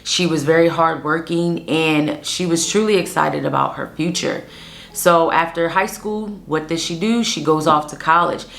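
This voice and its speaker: Chatty low-voiced woman hosting true crime. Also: normal speed, gravelly, fairly bright tone. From Pennsylvania. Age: 30s. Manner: chatty, addresses listeners as guys. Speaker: host. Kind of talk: casual true-crime storytelling.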